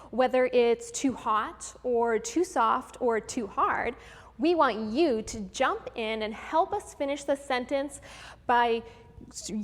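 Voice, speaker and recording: A woman hosting a live virtual music lesson for children, explaining each idea clearly and step by step in an upbeat teacher's manner. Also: a little high. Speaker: host of a children's music program. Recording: long room reverb with faint background noise.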